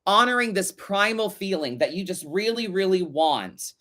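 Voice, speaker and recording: A man hosting a casual live-stream tarot reading, chatty and animated, swearing now and then as he talks to his viewers. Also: sits high, normal speed. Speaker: tarot reader host.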